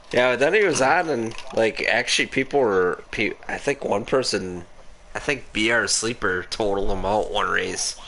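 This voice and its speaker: A man's voice: fairly low pitch, a little slow, creaky, sharp tone, slight background noise. A man with an Upper Midwest American accent, telling rambling gaming stories in casual chat, swearing and laughing a lot. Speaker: gaming podcast host.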